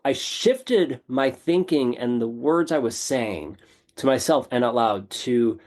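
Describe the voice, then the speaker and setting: Man, podcast guest, casual storytelling, animated, self-deprecating, repeats phrases. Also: medium pitch, slow pace.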